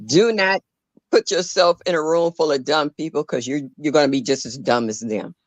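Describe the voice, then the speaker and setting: A woman's voice: sits low, normal speed, dry recording. An older woman, a grandmother, telling an earnest story in a casual live audio chat, restarting her sentences now and then. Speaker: caller in a live audio discussion.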